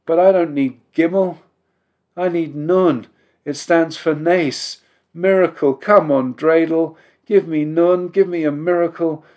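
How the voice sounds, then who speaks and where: A man's voice: medium pitch, lively intonation, normal speed, a little mellow, lightly acted. A man voicing a young, steadfast immigrant, earnest and hopeful, raised above his own voice. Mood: pleading. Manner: earnest, rising to eager pleading.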